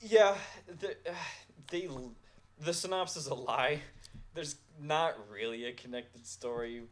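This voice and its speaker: A man's voice: on the high side, measured pace, a little hiss or hum. A man co-hosting a casual podcast, dropping wry, joking asides into the conversation. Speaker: podcast co-host. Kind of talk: casual chat reviewing anime.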